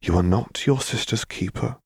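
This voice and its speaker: A man reading aloud voices Caitlin, a gentle, composed young woman who speaks quietly and slowly. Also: on the low side, creaky, breathy edge, no room sound, clean studio sound, voice pushed up. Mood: tender. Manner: soft, quiet and measured.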